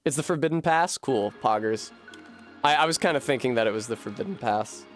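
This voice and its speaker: A man streaming a video game, chatting casually and thinking aloud to his viewers, swearing freely and getting animated. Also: medium pitch, fairly quick, faint music behind. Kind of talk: casual live-stream chat while gaming.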